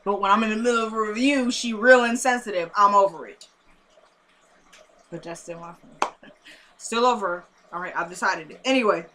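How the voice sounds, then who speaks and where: A woman's voice: medium pitch, moderate pace, pauses often, a little hiss or hum. A woman recapping a TV episode in a casual, slangy vlog, speaking straight to her viewers and getting worked up at the characters. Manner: chatty, slangy, addresses viewers directly; excitable, talks back at the characters. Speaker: TV episode reviewer.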